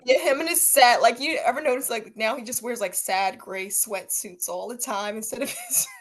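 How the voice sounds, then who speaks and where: A young woman with a fairly high voice co-hosts a gossip podcast. She talks casually and animatedly, breaking into laughter and mocking impressions. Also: moderate pace. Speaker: podcast co-host.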